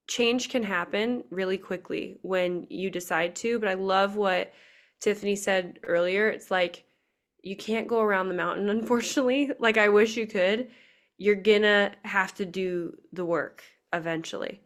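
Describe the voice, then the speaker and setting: A woman's voice: mid-range voice, steady tone, measured pace. Earnest young woman host, heartfelt. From Nebraska. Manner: earnest, emotional, casual filler-heavy. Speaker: podcast host. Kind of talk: heartfelt motivational faith talk. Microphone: video call.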